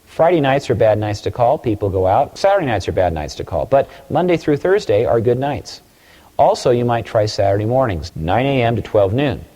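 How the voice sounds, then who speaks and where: A man's voice: mid-range voice, very animated, a little fast, dark tone, big-room sound. A man giving a recorded sales training talk, coaching emphatically and acting out phone-call examples.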